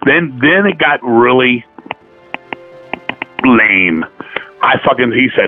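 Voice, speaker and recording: A man telling stories in a casual chat, profane and animated, acting out the dialogue of the people he quotes. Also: mid-range voice, slow, faint music behind. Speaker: podcast guest, metal musician. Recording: tinny phone-line audio.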